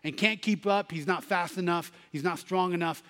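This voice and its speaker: A man's voice: sits high, moderate pace, a bit bright, long reverb tail. A man preaching a sermon, telling a story and rising to emphatic Bible readings.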